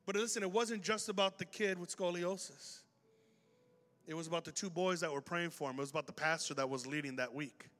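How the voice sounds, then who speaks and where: A male pastor telling a story in a sermon, lively and animated, acting out the voices of the people in it. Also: fairly high pitch, fairly quick. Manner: animated, acts out dialogue in the story. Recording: long hall reverb with faint music.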